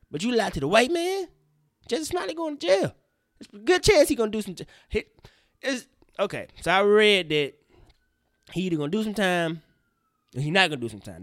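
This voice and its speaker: Animated, swearing young podcast host. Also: male voice, sits high, dry recording, clean studio sound. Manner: animated, profane, goes off on tangents. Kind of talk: casual news commentary.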